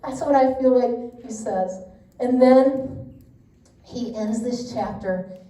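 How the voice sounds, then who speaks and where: A woman's voice: fairly high pitch, slow, warm tone. A middle-aged woman leading a women's Bible study, talking in a chatty, candid way with lots of asides. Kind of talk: casual teaching talk. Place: church meeting room. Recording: roomy echo, distant mic.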